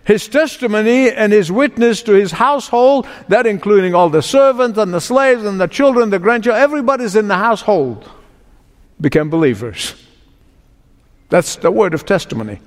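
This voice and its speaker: High-voiced man preaching in a hall. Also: expressive, normal speed. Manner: emphatic preaching with repeated words. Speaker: pastor. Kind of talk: sermon.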